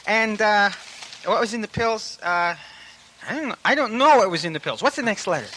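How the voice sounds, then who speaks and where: A man's voice: sits high, expressive, fairly quick, sharp tone, slight background noise, poor audio. A man playing a goofy, naive radio DJ hero in a comedy radio serial, with a dim, drawling, easily puzzled way of talking. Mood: flustered.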